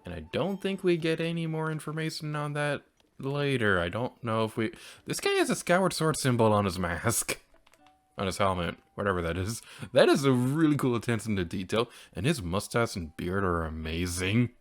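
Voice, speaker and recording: A man's voice: medium pitch, expressive, moderate pace. A man hosting a let's play, chatting casually over his gameplay and laughing often.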